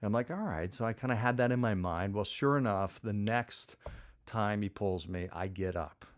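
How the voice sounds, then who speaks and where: A man's voice: fairly low pitch, normal speed. A middle-aged man hosting a podcast, telling a personal story in a conversational way with lots of fillers and acted-out quotes. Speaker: podcast host.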